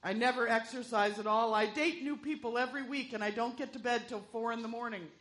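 A woman's voice: a little high, brisk, fairly bright tone, natural voice. A woman voicing a wrinkled, cheerful little old man in a spoken joke, bragging about his carefree habits. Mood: boastful.

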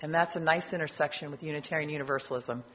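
Gentle middle-aged woman giving a sermon. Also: sits low, fast talker, dull audio, a little hiss or hum. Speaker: guest speaker.

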